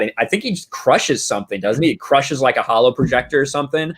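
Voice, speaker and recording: A man co-hosting a relaxed podcast, his voice sitting at an ordinary middle pitch. He thinks aloud as he talks, working through his points with plenty of "uh" and "like". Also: fast. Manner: thinks aloud with many fillers like "uh" and "like". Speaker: podcast co-host. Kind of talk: casual chat.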